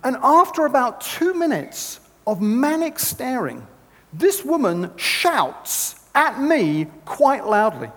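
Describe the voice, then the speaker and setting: Animated male speaker in a hall. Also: extremely high pitch, takes it slowly. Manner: animated, conversational storytelling. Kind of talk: sermon with storytelling. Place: large hall with an audience. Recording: long reverb in a hall.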